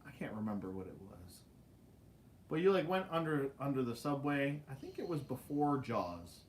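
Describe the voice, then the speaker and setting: A man hosting a casual livestream, telling stories in an animated way with laughs and swearing. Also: medium pitch, normal speed, a little hiss or hum. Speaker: livestream host. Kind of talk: casual storytelling chat.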